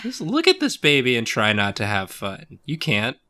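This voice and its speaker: A man cracks jokes in animated banter, his pitch bouncing widely. His tone is bright and forceful. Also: moderate pace. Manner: wisecracking, rising into laughs. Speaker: show artist co-host. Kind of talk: casual banter.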